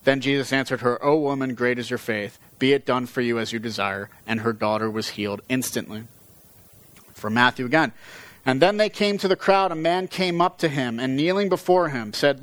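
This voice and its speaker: Bible teacher, male, mid-pitched, dry studio-close voice, steady explanatory reads. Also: brisk, no echo, rough recording. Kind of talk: reading scripture aloud with commentary.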